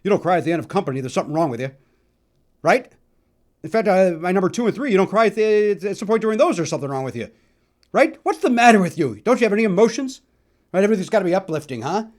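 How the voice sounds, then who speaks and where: A middle-aged man from the Chicago area hosting a solo podcast, telling stories in a chatty, animated way with lots of fillers. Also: sits high, fast talker. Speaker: podcast host. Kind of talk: solo musical nostalgia talk.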